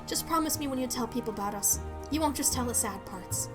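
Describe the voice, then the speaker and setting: Woman voicing a soft-spoken grieving mother. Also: a little high, expressive, quick pace, over music, close to an everyday voice. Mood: tender. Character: grieving gentle mother, hopeful.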